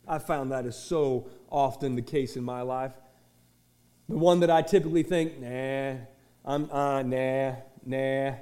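A man preaching a sermon to his church. He moves between shouted, rising lines and quiet conversational asides, and he acts out small dialogues. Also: medium pitch, steady tone, unhurried. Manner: restarts and acts out little dialogues. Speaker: pastor.

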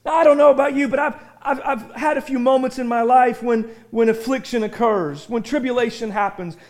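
A pastor preaches a sermon in a church sanctuary, animated and conversational, often bursting into excited shouting and questioning the congregation. His voice is very high-pitched and brisk.

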